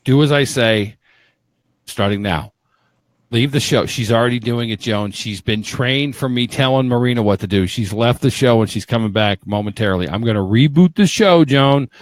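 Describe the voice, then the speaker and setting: A man hosting a live podcast, loud and teasing, swearing freely in casual banter with his guests. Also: mid-range voice, normal speed, no room sound. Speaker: podcast host.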